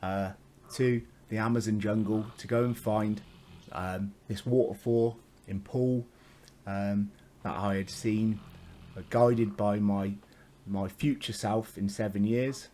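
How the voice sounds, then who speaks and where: A man's voice: lowish voice, steady tone, slow, warm tone, a little hiss or hum. A man telling a spiritual story in a casual, meandering monologue, swearing freely and chuckling often.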